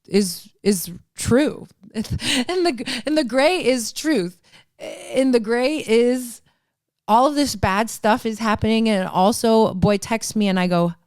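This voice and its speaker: Recorded in a clean studio with no echo, a young woman with a medium-pitched, darkish, clear voice hosts her own podcast solo. She talks in an earnest, rambling monologue, swearing freely and laughing often.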